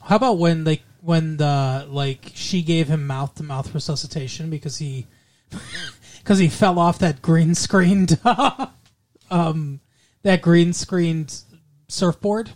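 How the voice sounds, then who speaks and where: A man co-hosting a casual movie review podcast, rambling and joking, slipping into quick impressions. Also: on the high side, darkish tone. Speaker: podcast co-host.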